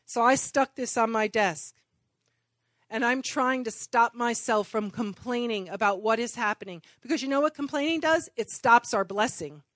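A woman with a fairly high voice preaches a sermon in an earnest, personal way. Her points build into emphatic repeated phrases. The sound is close and dry. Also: normal speed, fairly bright tone, no echo. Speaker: church speaker.

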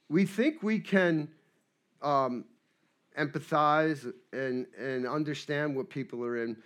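A man preaching a sermon in a conversational way, moving between hushed and emphatic passages. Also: on the high side. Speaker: pastor.

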